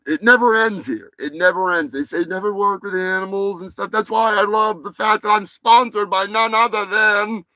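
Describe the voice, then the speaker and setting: A man hosting a live show, rambling and joking crudely in casual chat, sounding high. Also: steady tone, moderate pace, hardly any pauses, sharp tone, dry recording, poor audio. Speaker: host.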